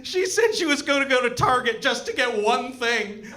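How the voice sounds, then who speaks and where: A young man performing a stand-up comedy set on a club stage, animated and acting out the voices of the people in his jokes. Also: extremely high pitch, moderate pace. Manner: animated, acts out voices and punchlines.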